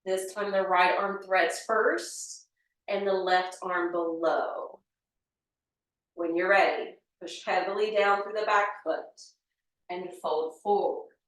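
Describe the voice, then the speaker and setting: A woman guides a yoga class at an unhurried, deliberate pace, calling out breaths and poses one at a time. Her voice carries a heavy room echo and sounds distant from the microphone. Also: mid-range voice. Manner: calm step-by-step cueing with breath counts. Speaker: yoga teacher. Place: yoga studio. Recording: echoey room, voice from far off mic.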